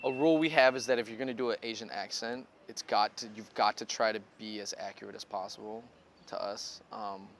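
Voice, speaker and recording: A man's voice: on the low side, fairly even intonation, a little fast, background noise. A man speaking frankly and easily in a casual interview, using casual slang.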